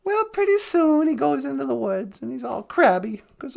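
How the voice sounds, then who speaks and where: A woman's voice: sits high, sing-song, moderate pace, gravelly, darkish tone. A woman telling a traditional animal tale in a chatty, humorous, conversational way. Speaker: storyteller. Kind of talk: casual storytelling.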